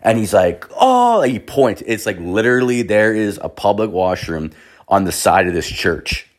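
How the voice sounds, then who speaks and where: A man's voice: fairly low pitch, normal speed. Swearing man telling a rambling story. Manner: rambling, heavy swearing, filler-laden. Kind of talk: casual profane storytelling.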